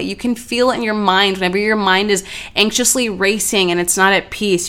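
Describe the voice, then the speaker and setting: A woman's voice: medium pitch, a bit bright. A woman in her twenties hosting a casual solo podcast, talking in a bubbly, gushing way. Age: 20s. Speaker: podcast host.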